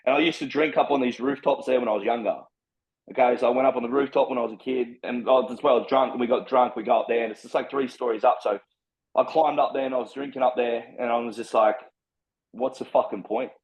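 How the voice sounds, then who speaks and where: A man's voice: medium pitch, fairly even intonation, fast, rough recording. A man with an Australian accent telling his life story as a podcast guest, in a rambling, frank and heavily profane way. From Brisbane, Australia. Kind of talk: candid personal storytelling.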